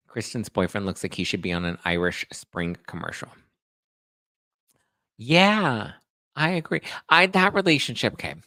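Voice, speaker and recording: A man's voice: on the low side, animated, takes it slowly, pauses often, bright, forceful tone, no echo. A man hosting a podcast, chatting casually and with sass while recapping reality TV. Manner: chatty and sassy, acts out quotes. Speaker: podcast host.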